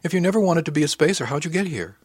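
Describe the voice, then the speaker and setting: A man voicing a lively young woman machinist who is chatty and blunt. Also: on the high side, very fast, slightly rough, no room sound, studio quality, voice pushed up. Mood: eager. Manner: eager, chatty.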